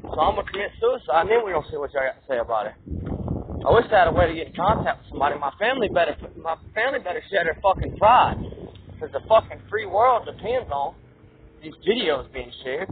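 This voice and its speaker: High-voiced man ranting angrily, tinny wind-blown audio. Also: sing-song, fast. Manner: angry, profane, rambling rant. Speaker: vlogger. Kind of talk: ranting monologue to camera.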